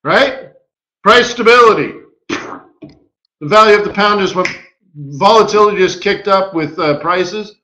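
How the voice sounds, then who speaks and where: A man hosting a live trading webinar as market strategist, talking in an animated way and tossing in rhetorical questions. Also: high voice, unhurried, long pauses, echoey room, a little hiss or hum, low-quality recording. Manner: animated, rhetorical, keeps asking "right?".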